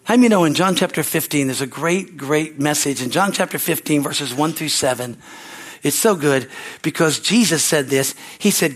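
Preaching to his congregation, a sixty-something pastor keeps circling back to his points, calling out "Amen?" and chuckling through folksy stories. He speaks at a moderate pace in a somewhat high, slightly bright voice.

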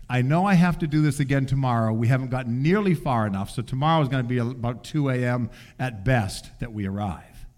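An older man preaching, telling a family story in an animated way and acting out voices. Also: mid-range voice. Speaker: pastor. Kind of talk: sermon storytelling.

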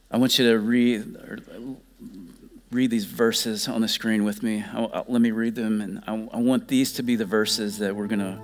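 A man preaching from the pulpit with a fairly low voice. He presses hard on some lines and drops almost to a whisper on others. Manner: impassioned, swings from loud urging to soft near-whispers. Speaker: pastor. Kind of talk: sermon.

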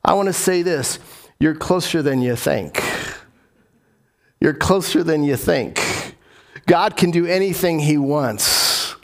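A man's voice: on the high side, takes it slowly, pauses often. A man preaching a sermon as pastor, repeating key phrases for emphasis and putting questions to his congregation.

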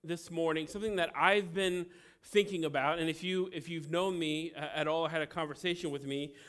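Bright, animated man in his thirties preaching. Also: a little high, brisk. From American Midwest. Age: 30s. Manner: joking, self-deprecating, animated storytelling. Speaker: pastor. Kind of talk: conversational sermon.

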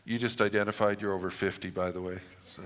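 A man's voice: deep voice, fairly even intonation, quick pace, big-room sound. A middle-aged man preaching a sermon, telling stories with humor and reading scripture dramatically. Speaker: pastor.

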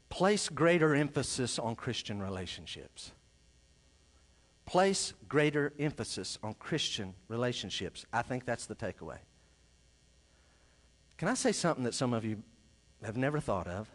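A male pastor preaching a sermon, swinging between loud emphasis and quiet asides. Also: medium pitch, sing-song, unhurried, long pauses.

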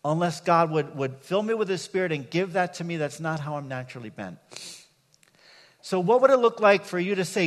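High-voiced male pastor in reverberant hall. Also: animated, fairly quick. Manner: conversational storytelling with asides to the audience. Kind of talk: sermon. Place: church sanctuary.

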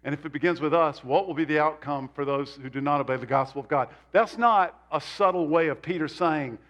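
Man, pastor, church sermon, somewhat high voice, animated and emphatic. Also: fairly quick, highs cut off. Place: church sanctuary.

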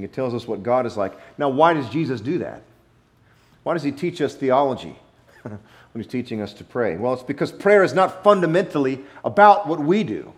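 A man preaching a sermon, emphatic, with dramatic pauses and repetition, sometimes playful. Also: mid-range voice. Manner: playful, acts out wrong versions for effect. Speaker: pastor.

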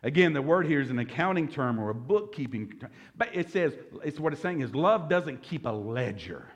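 A man's voice: a little high, very animated, moderate pace. A man in his forties preaching a conversational sermon as pastor, joking and calling out to the congregation. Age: 40s. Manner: conversational, joking, calls for audience response.

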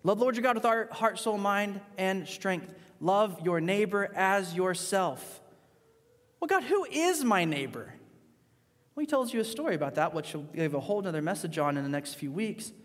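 Male pastor with a high voice, preaching emphatically in a reverberant church hall. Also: moderate pace, few pauses. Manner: emphatic, swings between loud rising points and quiet asides. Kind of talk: sermon.

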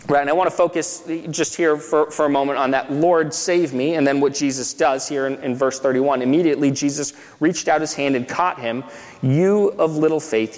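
Sounding like he's in a big room, a mid-range-voiced pastor preaches conversationally, restarting phrases and frequently asking "right?"

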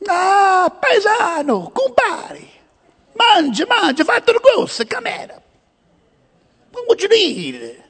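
A man voicing a jovial, round-bellied Italian head waiter with an Italian accent, greeting guests in a high, exuberant voice. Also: huge pitch swings, takes it slowly, a bit bright, full character voice.

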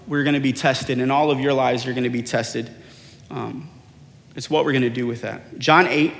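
A middle-aged male pastor preaching a sermon, telling personal stories with animated acted-out dialogue. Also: medium pitch. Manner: animated storyteller, acts out quoted dialogue. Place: large church hall. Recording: long hall reverb.

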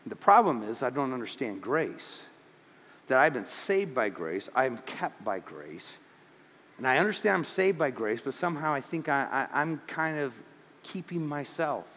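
A man's voice: medium pitch, very animated, normal speed, a bit bright, big-room sound. A man preaching a sermon as pastor, stammering into restarts and building to fervent emphasis.

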